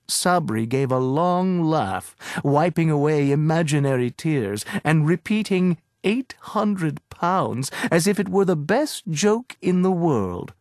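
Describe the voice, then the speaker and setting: A man giving a scripted, measured and expressive audiobook narration. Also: fairly high pitch, no echo, clean studio sound.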